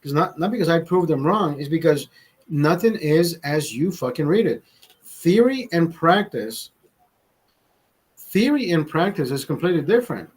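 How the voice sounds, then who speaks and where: Husky-voiced man telling a rambling story. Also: fairly high pitch, expressive, moderate pace, rough recording. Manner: rambling, profane, many restarts. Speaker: vlogger host. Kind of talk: casual profane storytelling.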